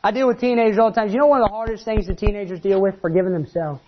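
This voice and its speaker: A man preaching a sermon, animated, acting out the voices he quotes. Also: sits high, rapid-fire, highs cut off.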